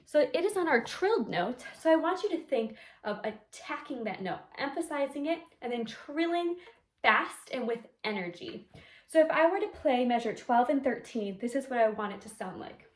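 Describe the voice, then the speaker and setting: A high-pitched woman gives a patient flute lesson, walking through tenutos, staccatos and accents one at a time and singing short syllables to show each one. Her voice rings in a noticeably echoey room. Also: expressive, normal speed. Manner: clear step-by-step explaining, sings articulation syllables. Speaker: flute teacher. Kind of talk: instrumental music lesson.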